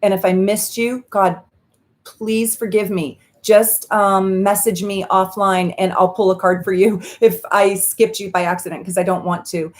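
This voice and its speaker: A woman's voice: medium pitch, flat delivery, unhurried. Bubbly, effusive woman astrologer. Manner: bubbly and effusive, with laughs and "um" fillers. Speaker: astrologer and tarot reader hosting a live stream. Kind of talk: casual live-stream chat with card readings.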